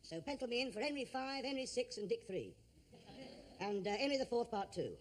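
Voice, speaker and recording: A man's voice: very high-pitched, sing-song, brisk, a little hiss or hum. A man playing a vain, blustering actor who thinks himself a great Shakespearean star, in old radio comedy. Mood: grand. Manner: grandiose, self-important, bluster. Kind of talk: 1950s radio comedy acting.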